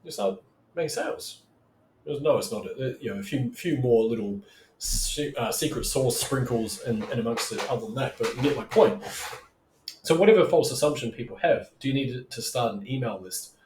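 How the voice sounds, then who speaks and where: A man talks through online marketing tips in a relaxed, rambling coaching style, tossing in "right?" again and again. His voice sits at an ordinary middle pitch. The recording carries a noticeable echo off the walls of the room. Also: normal speed, slight background noise. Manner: loose and chatty, keeps asking "right?", acts out customers' voices. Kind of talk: casual teaching monologue.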